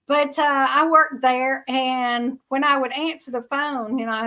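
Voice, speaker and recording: A woman's voice: high voice, steady tone, moderate pace, few pauses, sharp tone, muffled recording. A middle-aged woman with a Georgia Southern accent, hosting a casual livestream, chatty and laughing often while reading viewer comments. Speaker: livestream host.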